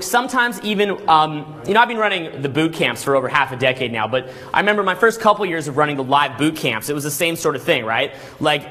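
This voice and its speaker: A man coaching a live seminar in a hotel room, animated and laughing often as he acts out voices. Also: fairly high pitch. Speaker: dating coach running seminars.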